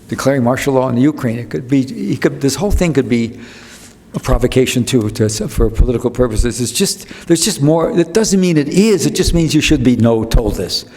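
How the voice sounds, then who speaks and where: A man's voice: mid-range voice, animated, a little fast, a little mellow. An older man giving a rambling public talk at an evening event, digressive and incredulous, with many restarts. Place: lecture hall. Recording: long hall reverb.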